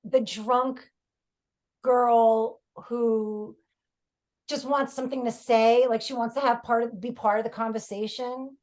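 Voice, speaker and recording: A woman's voice: on the high side, steady tone, unhurried, a little mellow. A woman comedian with a New York accent, chatting frankly on a podcast with lots of fillers and laughter. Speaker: comedian guest. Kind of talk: casual podcast chat.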